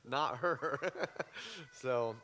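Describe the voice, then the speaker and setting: A man pastor speaks in an even, mid-pitched voice, quick to joke and then earnest. He talks in a church hall during a Q&A. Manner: joking, upbeat and earnest. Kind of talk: church Q&A talk.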